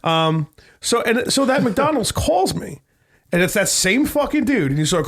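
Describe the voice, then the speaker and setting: Podcast co-host, man, fairly high voice, rambling and profane, mimics people mid-story. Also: huge pitch swings, moderate pace, a bit bright. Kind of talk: casual chat.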